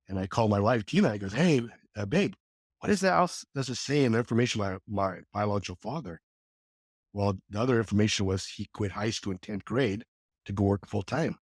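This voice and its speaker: A man in his sixties from California, a podcast guest telling his life story in a casual, animated way and acting out the quoted dialogue. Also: dry recording, clean studio sound. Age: 60s. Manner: animated, acts out quoted dialogue with lively pitch jumps. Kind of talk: conversational storytelling.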